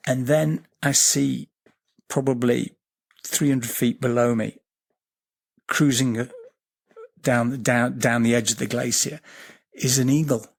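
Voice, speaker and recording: A man, a podcast guest telling a vivid, swearing story, repeating words and slowing down at tense moments. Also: mid-range voice, steady tone, vocal fry, breathy edge. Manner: slows down and lifts his voice at tense moments. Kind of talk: animated storytelling in a podcast interview.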